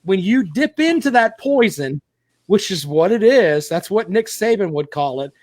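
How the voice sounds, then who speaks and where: A man's voice: high voice, big pitch swings, moderate pace, a little mellow, dry recording. A man hosting a sports talk show, giving opinionated commentary at length. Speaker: podcast host.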